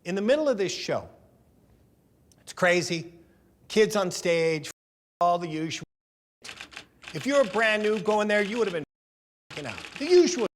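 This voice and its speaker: A man interviewed for a documentary, telling stories in a lively, profane way and acting out what others said. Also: high voice, measured pace, long pauses. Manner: lively, profane storyteller who acts out quotes. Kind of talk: animated anecdote storytelling.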